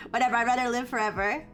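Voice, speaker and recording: A woman streamer chatting casually to her viewers, rambling with lots of filler words and quick laughs. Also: a little high, fairly even intonation, fairly bright tone, faint music behind. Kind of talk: casual live-stream chat.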